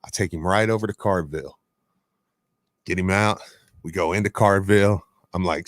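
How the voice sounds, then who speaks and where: A man's voice: low voice, moderate pace, long pauses, dry recording. A man co-hosting a sports radio show, telling a story with lots of laughter. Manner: animated storyteller, laughs often. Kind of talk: casual sports radio chat.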